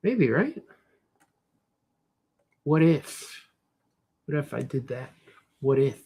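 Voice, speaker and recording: A man's voice: medium pitch, sing-song, slow, darkish tone, breathy edge. A man cartoonist thinking aloud in a casual drawing vlog, rambling and muttering to himself as he works. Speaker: cartoonist and comic shop host.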